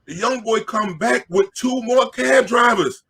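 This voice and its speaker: Husky, bright-voiced New storyteller. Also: male voice, extremely high pitch, unhurried. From Queens, New York. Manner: excitable, jokey, loudly acts out the crowd. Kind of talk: animated storytelling.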